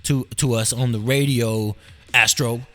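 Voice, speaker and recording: Man doing a deep, muted mission-control radio caller, slow and clipped. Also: fairly even intonation, pushed and bright, faint music behind. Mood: official. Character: gruff male mission-control radio operator.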